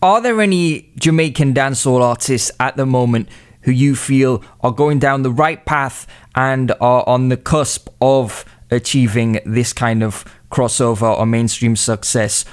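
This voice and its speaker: A male interviewer sets out long, carefully framed questions. His voice is smooth and resonant and sits at a middle pitch. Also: steady tone, a little slow. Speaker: interviewer host.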